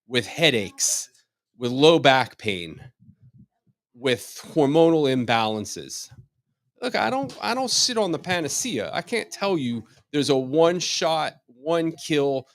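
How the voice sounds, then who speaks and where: A man's voice: medium pitch, no room sound. A middle-aged man, a chiropractor, leading a wellness workshop in a chatty, joking way, with many rhetorical questions and frequent restarts. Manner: repeats words when starting sentences. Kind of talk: informal live workshop talk.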